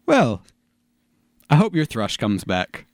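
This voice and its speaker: A man's voice: medium pitch, wildly swooping pitch, takes it slowly, no echo, studio quality. Man rambling as a pompous dungeon master. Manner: pompous mock-scholarly rambling. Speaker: dungeon master in a comedy sketch. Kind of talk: scripted comedy role-play.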